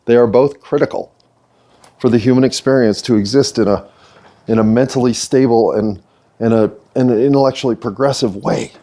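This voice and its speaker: A man's voice: mid-range voice, a little fast, warm tone. An American man hosting a solo podcast, talking in a rambling, philosophical, self-deprecating way. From United States. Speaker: podcast host. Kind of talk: reflective solo monologue.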